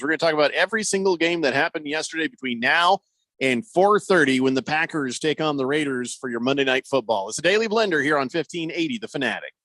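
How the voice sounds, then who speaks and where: A man's voice: on the high side, a bit bright, dry recording. A man hosting a sports radio show in casual, jokey talk, rambling with plenty of fillers. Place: radio studio.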